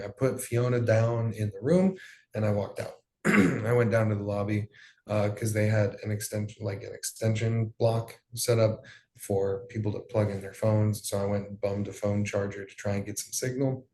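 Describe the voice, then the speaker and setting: A man's voice: on the low side, a little mellow. A young man giving an emotional personal account as an interview guest, in loose, profane storytelling with plenty of fillers. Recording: roomy echo.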